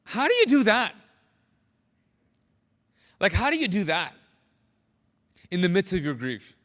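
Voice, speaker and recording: A man preaching a sermon as pastor, animated and drawing answers out of his congregation. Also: high-pitched, measured pace, in a large hall. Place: church sanctuary.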